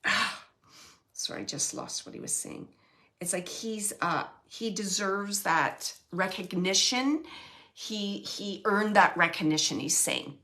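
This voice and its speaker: A woman giving a live mediumship reading, relaying messages in a halting, emotional way and often searching for words. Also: medium pitch, animated, sharp tone. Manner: emotional, close to tears at times.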